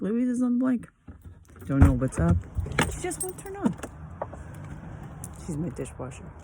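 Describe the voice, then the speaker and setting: A woman's voice: on the low side, big pitch swings, moderate pace, pauses often, very noisy. A woman vlogging in a meandering, spiritual, musing way full of fillers, recorded on a phone. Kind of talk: rambling casual vlog.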